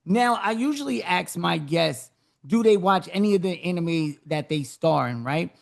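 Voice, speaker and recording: An enthusiastic podcast host with a gravelly, fry-heavy voice in a mid register. The host keeps cheering the guest on and firing questions in a loose, casual way. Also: mid-range voice, lively intonation, normal speed. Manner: hyped and encouraging, gives big shout-outs.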